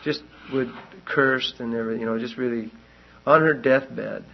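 A man's voice: mid-range voice, normal speed, gravelly, muffled recording. A man preaching a sermon, telling a long story in a loose, rambling way and then pressing his point with rising urgency.

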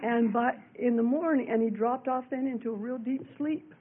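A woman's voice: fairly high pitch, moderate pace, narrow, tinny audio, a little hiss or hum. A middle-aged woman preacher giving a sermon and personal testimony, talking earnestly and conversationally with many fillers.

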